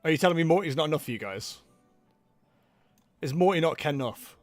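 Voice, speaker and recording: A man's voice: fairly high pitch, expressive, a little fast, no echo, faint music behind. A man casually chatting to his stream from home, teasing his viewers with playful mock outrage. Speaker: livestream tournament commentator.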